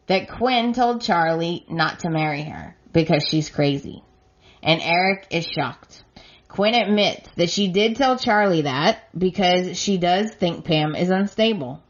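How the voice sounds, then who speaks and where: Slow, low-voiced woman recapping episodes. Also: muffled recording. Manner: plain retelling that reads out quoted lines. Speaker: podcast host. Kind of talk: soap opera episode recap.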